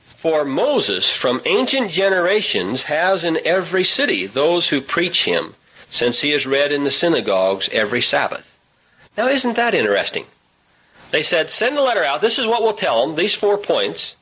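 Bright-voiced man teaching Bible study. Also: a little high, very animated, slightly rough, poor audio. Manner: poses rhetorical questions to listeners; hurried, says he must talk rapidly.

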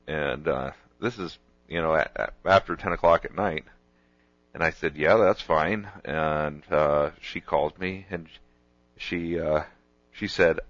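A man hosting a casual talk show, telling an animated story and laughing along as he goes. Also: very deep voice, measured pace, no room sound, lo-fi sound.

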